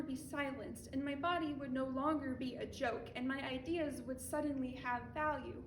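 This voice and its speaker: A woman's voice: high voice, fairly even intonation, moderate pace, few pauses. A teenage girl performing a spoken word poem on a school theatre stage in a defiant, impassioned manner. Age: teens. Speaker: student poet. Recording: echoey hall from a distance.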